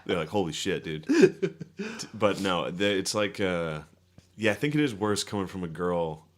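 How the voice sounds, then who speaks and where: Low-voiced man, laughing podcast co-host. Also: big pitch swings, a little slow. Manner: profane, laughing storyteller. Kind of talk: casual comedic podcast chat.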